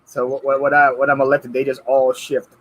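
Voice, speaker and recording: A man's voice: medium pitch, monotone, a little fast, crowd noise, low-quality recording. A man hosting a casual live stream, easygoing, greeting viewers in the chat and chuckling often. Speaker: host.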